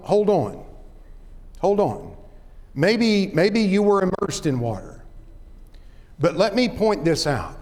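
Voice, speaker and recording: A man preaching a sermon, earnest and deliberate, telling a personal story with frequent restarts. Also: high-pitched, long reverb tail.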